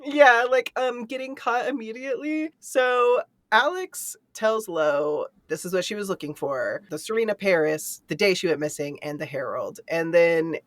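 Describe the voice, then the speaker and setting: A woman's voice: medium pitch, moderate pace, hardly any pauses, dry recording, clean studio sound. A young woman co-hosting a casual book club chat, recapping a novel and acting out the characters' lines with frequent laughter. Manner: animated, laughs often, acts out characters' lines. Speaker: book club podcast co-host.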